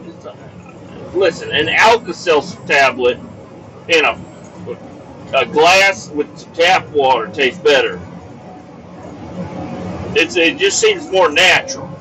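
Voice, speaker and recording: A man hosting a podcast, rambling and cursing in an exasperated monologue from his car on the highway. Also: lively intonation, slow pace, pauses often, pushed and bright, some chatter behind. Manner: profane, rambling, exasperated rants. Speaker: podcast host. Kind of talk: casual rambling monologue while driving. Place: inside a moving vehicle on the highway. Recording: distant, dull mic with road noise. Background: car and road noise.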